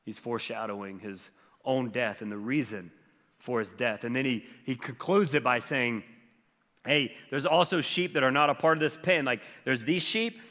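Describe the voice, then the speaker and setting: Bright-voiced pastor preaching in a hall. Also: male voice, medium pitch. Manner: conversational preaching, animated and emphatic. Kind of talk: sermon.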